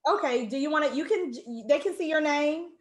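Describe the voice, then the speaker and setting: A woman's voice: high-pitched, fairly quick, reverberant, a crowd in the background. A woman hosting an online launch party over a video call, effusive and emotional, greeting viewers by name.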